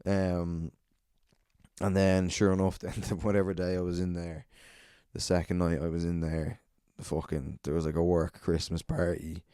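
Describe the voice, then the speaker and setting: A young man with a low, smooth voice tells rambling, profane gig stories and keeps laughing at his own tales. His tone is warm and mellow, and the sound is close and dry. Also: level tone, moderate pace, no echo. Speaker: comedian and podcast host. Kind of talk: casual storytelling monologue.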